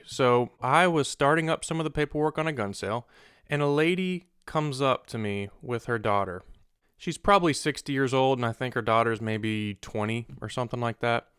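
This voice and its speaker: A man's voice: mid-range voice, fairly bright tone, clear, resonant tone, no room sound, clean studio sound. A young man tells a casual story as a vlogger. He rants about customers in an exasperated way. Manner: exasperated, ranting.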